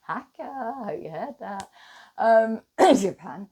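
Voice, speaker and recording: A woman's voice: medium pitch, expressive, takes it slowly, warm tone, husky. A woman hosting her own channel, talking to viewers in a rambling, wandering monologue and swearing freely. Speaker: channel host.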